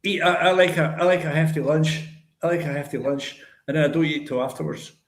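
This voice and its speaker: An older man with a Lanarkshire Scottish accent, a musician telling animated stories as a guest in a casual chat. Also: on the high side, fast. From Lanarkshire, Scotland. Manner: animated storyteller, acts out others' voices. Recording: roomy echo.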